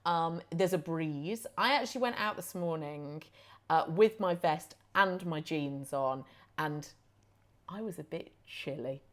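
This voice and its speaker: A woman's voice: deep voice, lively intonation, a little slow, fairly bright tone. A woman from the UK co-hosting a podcast, telling stories in casual chat and laughing often. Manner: chatty storyteller, laughs often. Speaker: podcast co-host.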